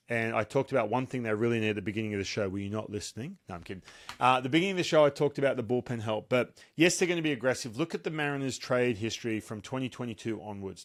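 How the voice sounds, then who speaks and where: A man hosting a casual sports talk show, lively and joking. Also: medium pitch. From Australia. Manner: lively, joking, quick banter.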